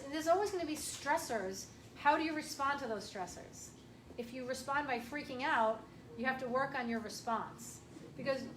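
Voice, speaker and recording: A woman chiropractor giving a casual, emphatic health workshop talk to an audience, clearing her throat often. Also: high-pitched. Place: room with an audience. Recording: echoey room from far off, faint hiss.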